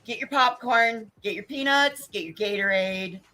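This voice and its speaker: A woman's voice: a little high, normal speed, bright, forceful tone. A woman hosting a live online panel, brash and profane, hyping up the chat. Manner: brash, profane, theatrical hype. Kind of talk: casual livestream chat. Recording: faint background noise.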